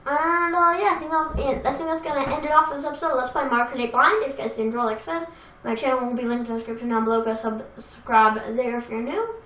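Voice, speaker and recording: A young woman casually commenting on a racing game she plays, chatty and self-deprecating, with excitable outbursts. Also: high-pitched, quick pace. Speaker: let's play gamer. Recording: echoey room with game music.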